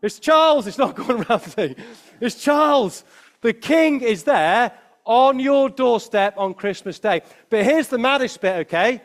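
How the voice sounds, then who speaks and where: A man giving a lively children's talk at a Christmas service, asking the children questions as he preaches. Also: very high-pitched, unhurried.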